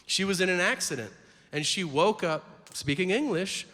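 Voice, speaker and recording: A man's voice: high-pitched, expressive, moderate pace, bright, forceful tone. A man doing a crude, mock-indignant stand-up comedy set. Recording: live stand-up in a big hall with noise.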